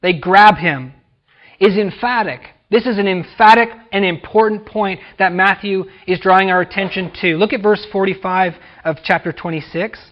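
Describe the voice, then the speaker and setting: A man preaching a sermon as a pastor, emphatic, swinging from loud declarations to quiet drops at phrase ends. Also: high-pitched, moderate pace, dull audio. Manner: emphatic preaching, rising and dropping to near-whisper.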